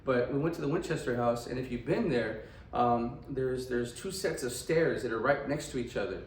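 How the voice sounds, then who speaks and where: A man lectures on radiography in a relaxed, chatty way and keeps asking his listeners "right?". His voice sits at a middle pitch. The sound is roomy and slightly distant, with faint background noise. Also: moderate pace. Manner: chatty, asks "right?" often. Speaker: radiography instructor. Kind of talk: casual classroom lecture.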